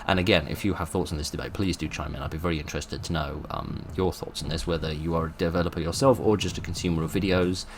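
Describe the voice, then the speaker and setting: A man's voice: low-pitched, fairly even intonation, fast, few pauses, background noise. A man hosting his channel, talking informally and thoughtfully, with many fillers and restarts. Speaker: channel host.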